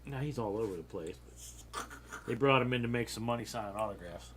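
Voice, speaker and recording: A man's voice: lowish voice, brisk, slight background noise. A man in a casual chat, easygoing and telling anecdotes.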